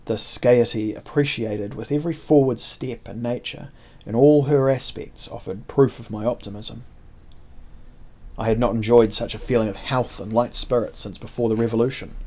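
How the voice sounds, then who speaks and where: A man reading a historical adventure novel aloud in the first person. His voice sits at an ordinary middle pitch for a man, and his storytelling is measured and expressive, with shifting emphasis from phrase to phrase. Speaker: narrator.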